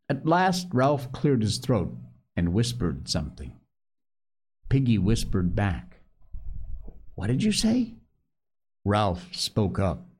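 A man reading a novel aloud in a measured, dramatic way. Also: mid-range voice, darkish tone. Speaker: reader.

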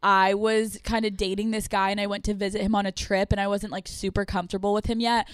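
A woman's voice: medium pitch, little pitch movement, fast talker, smooth, no room sound, studio quality. A young woman co-hosting a podcast in casual chat, teasing and joking and laughing often. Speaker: podcast co-host.

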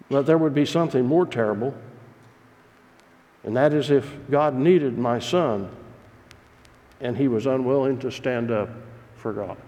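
A pastor preaching a sermon, telling stories in a folksy, earnest way. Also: male voice, mid-range voice, normal speed, pauses often, mellow. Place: church sanctuary. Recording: long reverb of a large hall.

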